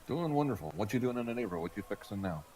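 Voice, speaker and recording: A man's voice: fairly low pitch, big pitch swings, racing, a little mellow, slight background noise. A man playing a tabletop game, speaking both in and out of character, in an easygoing way with frequent laughter. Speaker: player. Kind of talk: in-character tabletop role-play.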